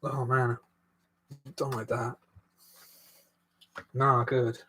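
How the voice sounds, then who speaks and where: A man's voice: mid-range voice, flat delivery, drawn-out words, pushed and bright, a little hiss or hum. A man hosting a casual live stream while building a toy set, rambling and self-deprecating as he reads viewer comments aloud.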